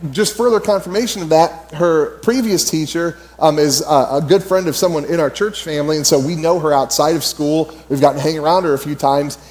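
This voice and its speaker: Pastor guy in his 30s giving a sermon, chatty and animated, bit higher voice. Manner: conversational, animated storytelling with quoted asides.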